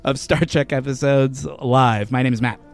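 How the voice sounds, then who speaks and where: A man's voice: medium pitch, steady tone, music in the background. A man hosting a casual podcast, chatty and joking, recorded in a home garage studio. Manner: chatty, joking, quick to riff. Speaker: podcast host. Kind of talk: casual chat. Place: garage studio with door open.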